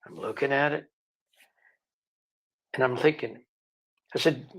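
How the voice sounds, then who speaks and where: A man's voice: mid-range voice, measured pace, a bit bright, husky. A middle-aged man from the UK, a guest telling casual, rambling stories full of quoted dialogue. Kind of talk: casual storytelling.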